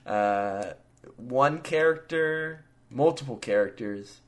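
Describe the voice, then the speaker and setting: Slow-talking relaxed man. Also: mid-range voice. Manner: laid-back, chuckling, many fillers. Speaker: podcast host. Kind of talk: casual chat and story reading.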